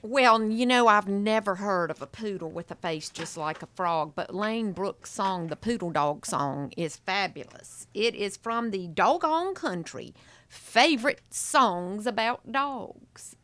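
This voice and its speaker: A woman's voice: mid-range voice, expressive, a little slow, few pauses, fairly bright tone, a little hiss or hum. A woman college radio DJ in casual, chatty patter, talking straight to her listeners from a student station studio.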